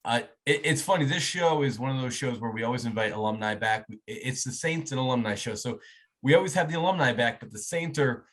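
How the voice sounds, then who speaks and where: A man's voice: medium pitch, lively intonation, brisk, a bit bright. A man hosting an interview show, chatting enthusiastically with frequent restarts. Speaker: host. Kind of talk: interview chat.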